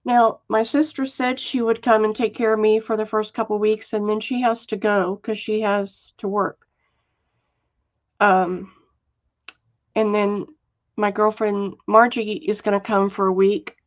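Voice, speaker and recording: Slow-talking woman on a dull stream. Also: medium pitch, level tone. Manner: chatty, warm-hearted, reads viewer comments aloud; slow, soft-spoken, with frequent fillers. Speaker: live sale host. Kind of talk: casual live selling chat. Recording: dull lo-fi livestream audio.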